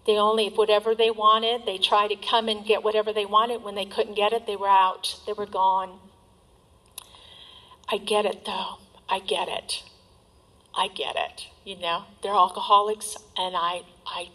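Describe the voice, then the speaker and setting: A middle-aged woman telling her recovery story as a personal testimony, candid and emotional, with soft trailing asides. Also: mid-range voice, low-quality recording.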